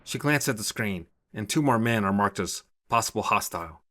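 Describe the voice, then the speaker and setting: A man narrating a short story in a steady, even storytelling manner. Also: lowish voice, fairly quick. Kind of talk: scripted narration.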